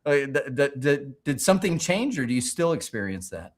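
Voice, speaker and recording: Male livestream host with a mid-range voice, chatty and animated, stumbles and restarts often as he tells stories. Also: medium pitch, normal speed. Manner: animated, rambling storytelling with many restarts. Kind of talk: casual livestream chat.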